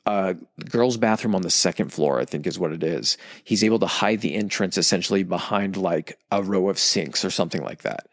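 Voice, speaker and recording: A man with a lowish voice talking loosely on a podcast. He rambles and swears freely, and drops into quick silly voices for quoted people. The sound is dry and close. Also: dry recording. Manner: rambling, profane, acts out quoted characters. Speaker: podcast co-host explaining history. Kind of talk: casual podcast chat.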